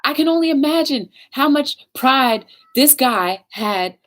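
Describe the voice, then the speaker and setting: A woman's voice: sits high, unhurried. A woman hosting a talk show, telling a story in a casual livestream chat and talking straight to her viewers. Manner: chatty, animated, talks straight to viewers.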